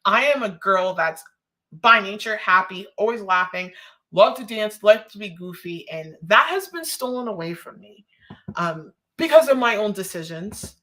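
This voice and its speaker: On her live stream, a Canadian woman talks in a pushed, bright mid-range voice with lively intonation and a moderate pace. She rambles and laughs a lot, emotional and fighting back tears.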